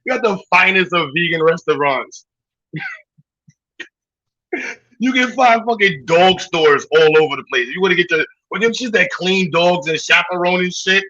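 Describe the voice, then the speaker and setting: A man's voice: sits high, moderate pace, pushed and bright, lo-fi sound. A man from Brooklyn with a New York accent, hosting a livestream and ranting in a mocking, profane way with bursts of laughter. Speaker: livestream host. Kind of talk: livestream rant.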